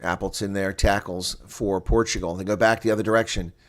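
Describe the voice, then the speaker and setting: A man giving live play-by-play rugby commentary, excitable and rising to shouts at big plays. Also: lowish voice, fairly quick.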